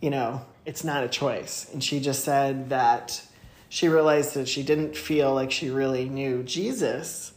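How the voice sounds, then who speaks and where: A woman's voice: rumbling low, fairly even intonation, unhurried, a little mellow. A woman co-hosting a podcast, chatting casually and telling a story with lots of fillers. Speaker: podcast co-host. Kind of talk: casual chat. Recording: roomy echo.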